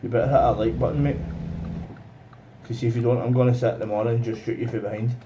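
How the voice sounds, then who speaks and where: A man chats loosely with his viewers while he drives in a game, tossing out slang and "mate" at every turn. His voice sits at an everyday middle pitch. The mic sounds dull and lo-fi, with loud engine and road noise underneath. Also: little pitch movement, fast talker. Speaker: streamer. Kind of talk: casual live-stream chat while driving.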